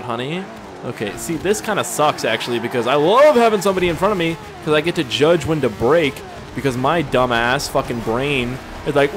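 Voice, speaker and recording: A man's voice: mid-range voice, lively intonation, fairly quick. A man giving crude, rambling, joking commentary while playing a racing game. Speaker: gameplay commentator. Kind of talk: casual gameplay commentary. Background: game music and car engines.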